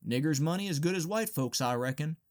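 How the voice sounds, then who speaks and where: A man's voice: on the high side, animated, fairly quick, natural voice. A man voicing Luster, a restless, bossy Southern teenage boy with a drawling, scolding way of talking, in an audiobook reading.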